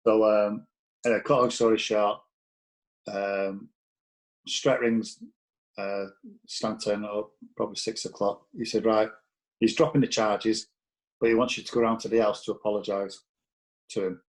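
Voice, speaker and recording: A man's voice: lowish voice, flat delivery, moderate pace, pauses often, rough recording. A man, a former footballer appearing as a guest, telling stories in a blunt, profane way and acting out quoted dialogue. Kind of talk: casual anecdotal storytelling.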